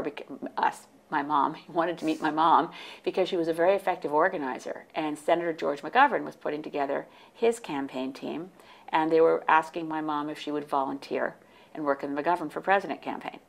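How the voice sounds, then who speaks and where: A woman in her sixties, originally from the United States, telling lively anecdotes as an interview guest, often restarting her sentences. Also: sits low, brisk, vocal fry. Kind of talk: casual interview storytelling.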